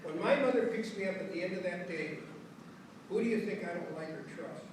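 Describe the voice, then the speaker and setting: An older man tells stories from his life to an audience, acting out each character and slipping in Spanish phrases. His voice sits fairly high for a man. He is recorded from far off in a very echoey hall, with clear background noise. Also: fairly quick. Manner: animated storyteller, acts out voices and mixes in Spanish phrases. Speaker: author giving a lecture. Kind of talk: storytelling lecture. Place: lecture hall.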